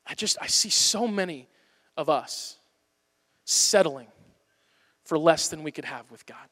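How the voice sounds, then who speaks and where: A man with a high, bright, ringing voice preaches an impassioned sermon, building to loud pleas and dropping to near-hushed lines. His words carry a long reverb off the walls of a church sanctuary. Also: lively intonation, unhurried. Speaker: pastor.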